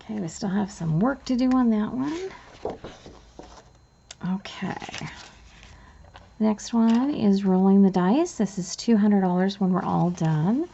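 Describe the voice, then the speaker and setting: Bubbly woman with a gravelly edge. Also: mid-range voice, moderate pace, hardly any pauses, highs cut off, slight background noise. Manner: bubbly, chatty, easily excited. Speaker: budgeting vlogger. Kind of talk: casual cash envelope walkthrough.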